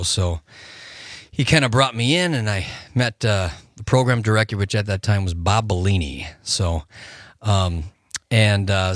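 A man's voice: on the low side, dry recording, clean studio sound. A man chatting as a guest on a radio show, rambling and laughing often. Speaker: musician guest. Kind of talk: casual radio interview.

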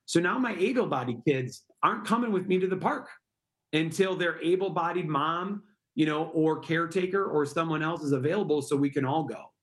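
A man's voice: a little high, brisk. A middle-aged man, interviewed as a guest, explains his project earnestly with rhetorical questions. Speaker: guest, park project founder. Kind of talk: interview answers.

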